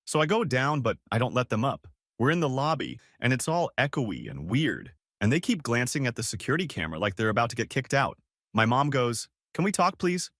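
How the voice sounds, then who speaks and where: Young man, first-person story narration, blunt and defiant, animated pitch, dry close sound. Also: brisk, dry recording.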